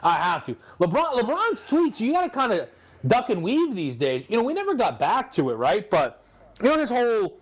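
A man's voice: high-pitched, huge pitch swings, a little fast. A man co-hosting a sports talk show, riffing casually and playing out imagined quotes. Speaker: sports radio co-host.

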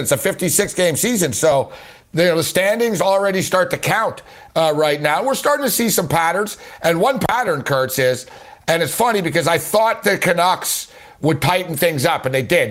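A man hosting a sports betting show, talking casually and rambling with lots of repeated words and fillers. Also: a little high. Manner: rambling, repeats words, says "you know" a lot.

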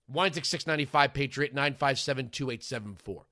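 A man's voice: mid-range voice, fairly quick, hardly any pauses, sharp tone, no echo, clean studio sound. A man hosting a talk radio show, delivering a sarcastic, mocking, combative monologue.

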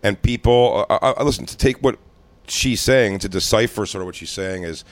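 A man casually chatting on a podcast, telling a story in an animated way, acting out dialogue and swearing freely. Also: fairly low pitch, brisk, no room sound.

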